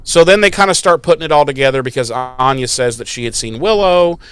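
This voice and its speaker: A man's voice: mid-range voice, lively intonation, a little fast, fairly bright tone. A man co-hosting a podcast, recapping a TV episode in casual chat with rambling, profane asides. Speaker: podcast co-host.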